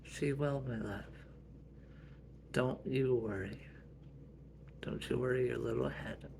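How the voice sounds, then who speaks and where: A man voicing a gentle, devoted mother who speaks softly and reassuringly. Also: mid-range voice, slow pace, creaky, a little hiss or hum. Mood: tender.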